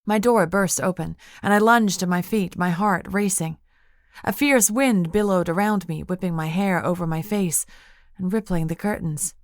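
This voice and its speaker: A woman reading first-person narration of an audiobook in a measured, intimate way. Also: on the low side, dry recording, clean studio sound.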